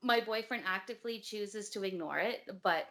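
A woman's voice: medium pitch, normal speed, a bit bright. A woman in casual chat, telling her story animatedly with lots of filler words and some swearing. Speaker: guest telling a ghost story.

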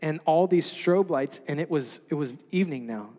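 A man telling a personal story in a sermon, animated and self-mocking, often laughing at himself. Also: fairly high pitch, normal speed. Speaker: preacher. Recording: long hall reverb.

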